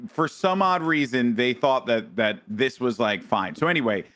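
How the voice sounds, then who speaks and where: Male podcast co-host, mid-range voice, casual and animated storyteller who swears freely. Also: medium pitch, moderate pace. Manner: animated, dramatic retelling with frequent restarts and swearing.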